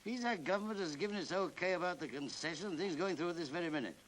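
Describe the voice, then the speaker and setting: A man's voice: fairly high pitch, expressive, quick pace, a bit bright, rough recording. An actor playing a confidential, folksy man passing on a share tip in a 1930s film. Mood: confiding. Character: confiding city tipster on the phone, middle-aged. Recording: faintly hissy 1930s film soundtrack.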